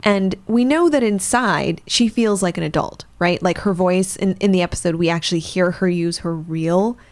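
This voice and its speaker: A woman's voice: lowish voice, normal speed, darkish tone. A woman co-hosting a podcast, explaining psychology in a thoughtful way with some fillers. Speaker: psychologist co-host. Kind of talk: podcast discussion.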